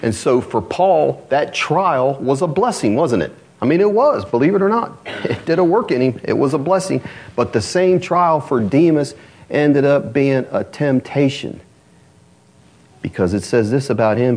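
A pastor delivers his sermon in an animated, conversational style, frequently putting rhetorical questions to the congregation. His voice is medium in pitch and his pace is unhurried.

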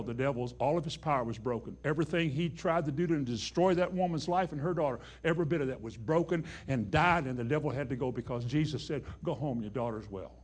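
A man preaching a sermon in a folksy way, dropping to a hush and then rising to emphatic declarations. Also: medium pitch, a little hiss or hum. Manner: folksy, swings between hushed and emphatic. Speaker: pastor.

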